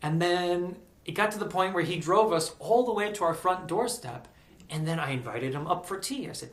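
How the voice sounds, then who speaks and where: A man telling a personal story in a casual, animated vlog, peppered with "like". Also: high voice, normal speed, echoey room. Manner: animated, chatty, lots of "like".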